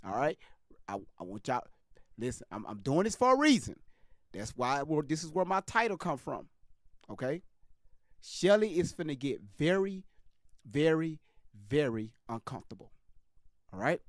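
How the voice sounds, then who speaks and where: A man's voice: fairly high pitch, big pitch swings, moderate pace, pauses often, dry recording, studio quality. A man hosting a live stream, commenting on a clip with emphatic, repetitive direct address to his viewers.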